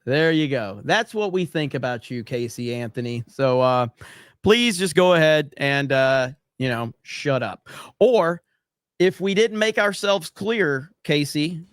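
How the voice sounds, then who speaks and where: A man's voice: fairly high pitch, lively intonation, a little slow, clean tone, no echo, clean studio sound. A man hosting a casual livestream, reading viewer comments aloud with jokes and frequent fillers. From USA. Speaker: livestream host reading chat.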